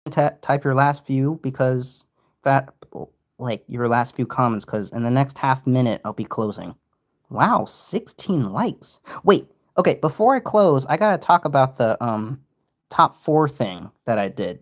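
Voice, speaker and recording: A young man giving casual, rambling livestream commentary, often interrupting himself. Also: medium pitch. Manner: rambling, self-interrupting, animated. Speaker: streamer.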